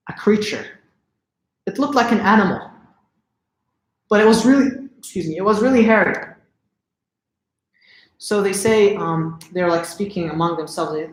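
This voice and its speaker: A man telling a religious story in a casual livestream lesson, chatty and often asking the audience questions. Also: high-pitched. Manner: conversational, asks the audience questions. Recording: roomy echo.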